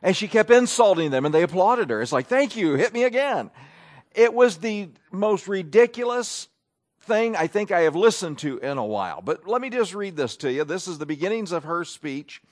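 A man's voice: sits high, sing-song, moderate pace. A male pastor preaching a sermon in a conversational, sardonic way.

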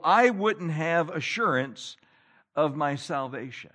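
A man preaching a sermon to his church, swinging between loud emphasis and low hushed lines and reading scripture in old-fashioned wording. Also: lively intonation, measured pace. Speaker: pastor.

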